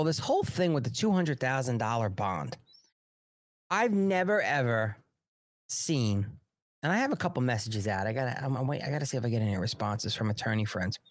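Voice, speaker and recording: A man's voice: medium pitch, no room sound, studio quality. A man with a Long Island New York accent hosting a live political commentary show, talking bluntly and heatedly in a rambling way, with many restarts.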